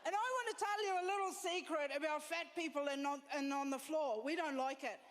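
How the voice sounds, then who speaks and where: A high-voiced woman with a South African accent delivers blunt, self-deprecating stand-up. Her voice rings with the long reverb of a live venue, with faint noise in the room. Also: brisk. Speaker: stand-up comedian. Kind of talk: stand-up comedy set. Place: comedy stage before an audience.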